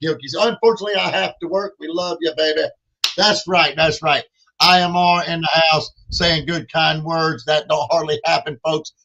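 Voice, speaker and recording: Man, high voice, bright and forceful, livestream co-host, repetitive hype. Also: steady tone, normal speed, gravelly, muffled recording. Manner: hypes donations with repeated phrases, calls himself in third person. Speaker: podcast co-host. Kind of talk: lively livestream fundraising chat.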